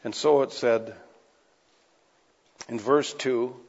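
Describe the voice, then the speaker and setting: A man's voice: mid-range voice, fairly even intonation, slow, vocal fry, darkish tone. A man preaching a sermon, reading scripture aloud and breaking off into casual conversational asides. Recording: dull lo-fi recording with long hall reverb.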